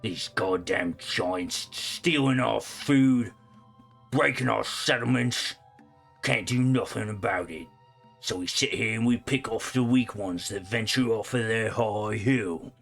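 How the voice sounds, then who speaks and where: A man voicing a huge, menacing male barbarian warrior who talks in a gruff, slangy way. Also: fairly low pitch, takes it slowly, a bit bright, faint music behind, exaggerated voice.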